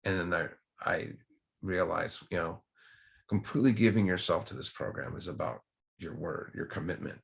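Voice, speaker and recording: A man's voice: low-pitched, moderate pace, vocal fry. A man speaking to a recovery study group in a casual, rambling way with many restarts. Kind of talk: casual talk.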